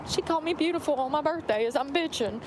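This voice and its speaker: A woman's voice: sits high, fast, noisy background. A woman vlogging casually from her car, chatty and blunt, swearing freely. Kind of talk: casual chat while driving.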